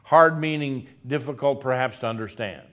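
A man preaching a sermon, speaking slowly and deliberately and repeating key phrases for emphasis. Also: medium pitch, a bit bright, muffled recording.

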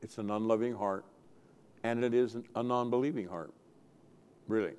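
A man preaching a sermon, earnestly repeating key phrases and swinging his loudness for emphasis. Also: on the low side, moderate pace, clear, resonant tone. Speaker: pastor.

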